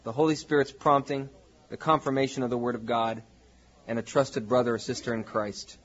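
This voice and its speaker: A man's voice: medium pitch, fairly even intonation, brisk, a bit bright, slightly rough, highs cut off. A man preaching a sermon as pastor, in a conversational way that rises to emphatic peaks.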